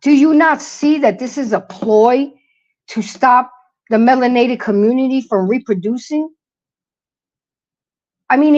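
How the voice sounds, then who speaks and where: A middle-aged woman hosting a casual livestream, talking emphatically and preaching to her viewers while greeting the chat. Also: on the high side. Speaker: livestream host. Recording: lo-fi dull audio.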